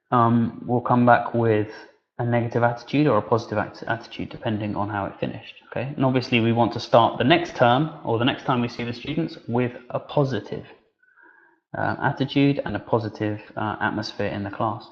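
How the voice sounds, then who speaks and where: A man leads an online teacher-training session, talking in a loose, conversational way. He fills his pauses and restarts his sentences as he goes. His voice sits at an ordinary middle pitch, and the webinar audio comes through a little dull. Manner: relaxed, conversational, with many fillers and restarts.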